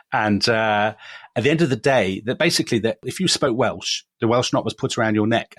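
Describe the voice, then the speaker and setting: English male podcast co-host, lowish pitch, dry close mic, chatty and self-deprecating. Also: fairly bright tone, slightly rough, no echo. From England. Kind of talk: casual history podcast chat.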